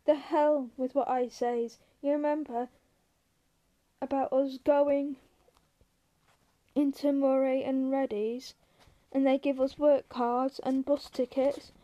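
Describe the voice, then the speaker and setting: A woman's voice: sits high, level tone, takes it slowly, long pauses, highs cut off. A woman reading as an irritable, scolding small man. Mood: exasperated. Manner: sharp, scolding, cursing. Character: small wiry irritable man, quick and bossy.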